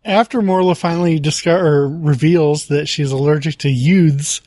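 A man's voice: a little high, normal speed, darkish tone, no room sound, studio quality. A man co-hosting a podcast in casual chat, earnestly working out theories in short bursts. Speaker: podcast co-host.

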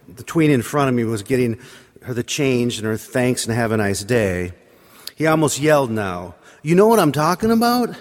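A man preaching in a church, telling a wry, self-deprecating personal story. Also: mid-range voice. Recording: long hall reverb.

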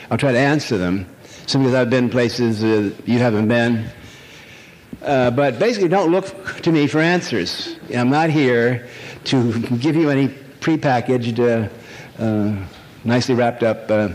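A man's voice: mid-range voice, expressive, normal speed, a little mellow. A man giving a live lecture to an audience, rambling, wry and irreverent. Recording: long hall reverb, faint noise.

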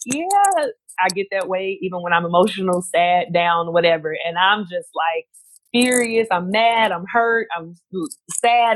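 A woman telling a story in casual chat, animated and quick, acting out what other people said. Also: on the low side, no room sound.

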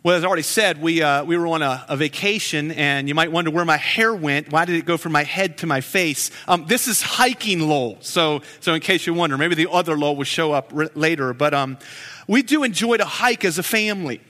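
A man in his forties preaching a sermon as a pastor, telling stories in an animated, joking way. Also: on the high side, brisk, in a large hall. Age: 40s.

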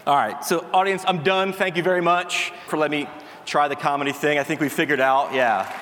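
A man's voice: on the high side, steady tone, a little fast, fairly bright tone. A man hosting a live keynote, telling self-deprecating jokes and a little out of breath. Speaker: host. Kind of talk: live stage comedy bit. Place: large conference hall. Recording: echoey hall with faint noise.

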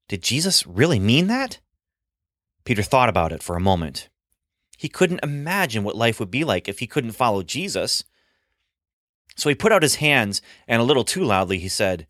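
A man telling a Bible story for children in an expressive, dramatic way from a script. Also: lowish voice, moderate pace, no room sound, studio quality. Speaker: storyteller for a church children's ministry.

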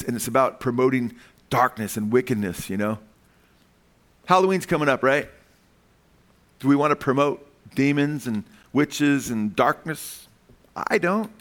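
A man's voice: mid-range voice, fairly bright tone. A man preaching a conversational sermon, asking the audience questions and dropping his voice on key words.

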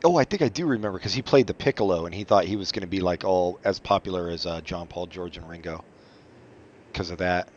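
A man co-hosting a casual podcast chat about comics, rambling and making deadpan jokes, in a dull lo-fi recording. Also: sits low, quick pace, slight background noise. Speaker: podcast co-host.

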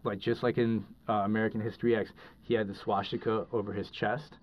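A man's voice: on the low side, little pitch movement, fast talker. A man, a podcast guest, telling a story in casual, rambling talk full of fillers and restarts. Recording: dull lo-fi recording.

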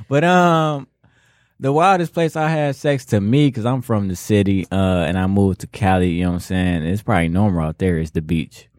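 A man with a lowish voice speaks briskly as co-host of a casual podcast, telling stories in a laid-back, slangy way and laughing often. The recording is dry with clean studio sound.

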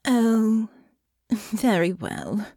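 A woman's voice: fairly high pitch, very animated, slow pace, dry recording, clean studio sound, pitched above the performer's own voice, full character voice. A woman reading an audiobook, voicing a clingy, dramatic young noblewoman in a raised voice. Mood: coaxing.

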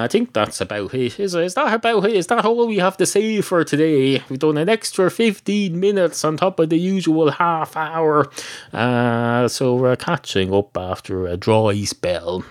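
A man's voice: medium pitch, no room sound, studio quality. An Irish man hosting a solo comedy podcast, rambling and self-deprecating. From Ireland. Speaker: podcast host.

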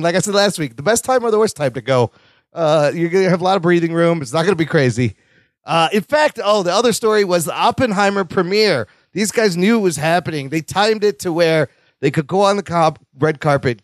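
Excitable man hosting a podcast. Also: a little high, no room sound, clean studio sound. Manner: excitable, swears casually. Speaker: podcast host. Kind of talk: casual podcast chat.

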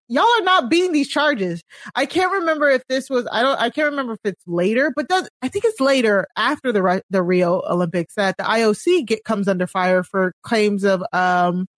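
Lively high-voiced woman podcast co-host. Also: normal speed, few pauses, dry recording. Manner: animated retelling with laughs and acted-out quotes. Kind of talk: casual podcast discussion.

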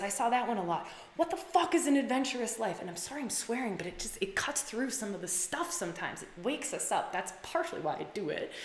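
A woman hosts a casual live stream and talks straight to viewers, gushing and emphatic. She leans on "like" and swears freely, and her voice jumps up whenever she gets excited. The sound is roomy, with a lot of echo around her. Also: medium pitch, a little hiss or hum. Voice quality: heavy use of "like" and restarts, swears freely. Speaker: livestream host coaching women. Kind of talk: casual live-stream talk, reading out comments.

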